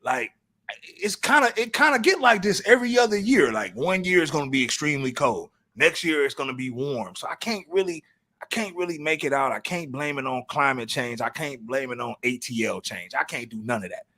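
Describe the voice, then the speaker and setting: A man's voice: medium pitch, expressive, a little fast, sharp tone. A middle-aged man co-hosting a casual podcast, laid-back and full of street slang, often restarting his sentences. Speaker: podcast co-host.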